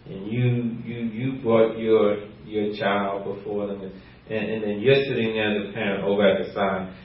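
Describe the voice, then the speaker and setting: A man preaching a teaching sermon, animated and laughing often, acting out the quotes he reads. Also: on the low side, moderate pace. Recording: roomy, distant, muffled.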